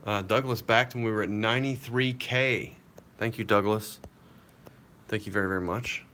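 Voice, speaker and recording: A man's voice: lowish voice, fairly even intonation, normal speed, sharp tone, slight background noise. A man streaming himself drawing comics live, chatting casually with viewers and muttering self-mocking asides as he works. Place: seated at a drawing desk.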